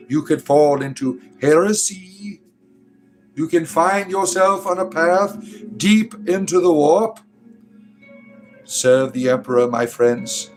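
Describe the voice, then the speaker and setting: A man delivering a parody sermon in a fervent, booming preacher cadence with swooping emphasis, breaking into chuckling asides. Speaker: preacher character host.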